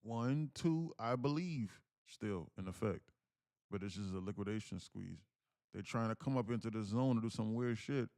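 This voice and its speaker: A man's voice: fairly low pitch, moderate pace, vocal fry. A man hosting a live day-trading stream, talking casually and reading chat messages aloud, with slang and the odd curse. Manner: animated, reads chat aloud, slangy and profane.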